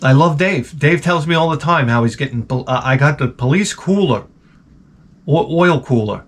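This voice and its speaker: A man's voice: on the high side, expressive, moderate pace. A man hosting his own channel, telling rambling, profane comic stories in a casual rant. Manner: rambling, profane, self-interrupting storyteller. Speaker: channel host.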